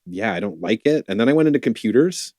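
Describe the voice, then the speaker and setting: A man hosts a relaxed interview, his lowish voice stopping and restarting as he talks. The sound is dry and close. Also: dry recording. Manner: hesitant, halting restarts. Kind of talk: casual interview chat.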